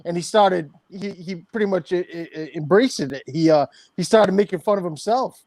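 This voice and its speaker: A man co-hosting a casual podcast, joking and crude, quick to agree. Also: high-pitched, darkish tone, dry recording. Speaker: podcast co-host. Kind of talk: casual chat.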